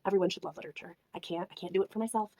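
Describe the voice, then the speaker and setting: A young woman ranting in a book review vlog, animated and exasperated, swinging between loud outbursts and whispers. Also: mid-range voice, rapid-fire, dry recording. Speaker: book vlogger.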